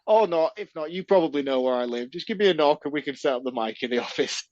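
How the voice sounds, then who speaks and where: A man's voice: on the high side, animated, quick pace, a little mellow, no echo. Teasing southern English man, dull dry mic. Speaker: podcast co-host. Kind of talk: casual film review chat.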